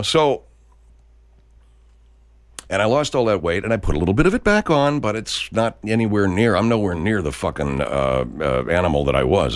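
A man's voice: sits low, dry recording. Profane rambling man in his sixties. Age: 60s. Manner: profane, rambling, full of restarts. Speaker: podcast host. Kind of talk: casual rambling monologue.

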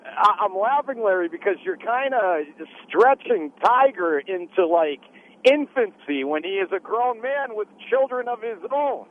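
A man's voice: high voice, animated, measured pace. A man calling a radio talk show, arguing back and laughing things off. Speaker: caller. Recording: narrow phone line with faint hiss.

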